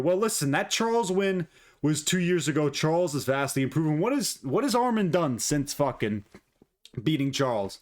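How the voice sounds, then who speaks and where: A man's voice: on the high side, very animated, moderate pace. A man hosting his own channel, giving blunt, profane, opinionated fight commentary. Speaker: MMA commentator, channel host. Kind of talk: casual ranting commentary.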